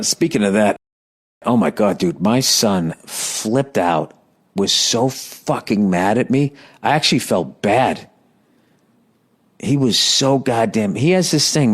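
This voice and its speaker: A man in his thirties talks through a comic monologue in a somewhat low voice. He swears constantly, restarts his sentences, and pokes fun at himself as he retells the story. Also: moderate pace. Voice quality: heavy profanity, rambling storytelling with restarts. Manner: self-deprecating, animated retelling. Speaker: comedian. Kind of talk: casual comedic monologue.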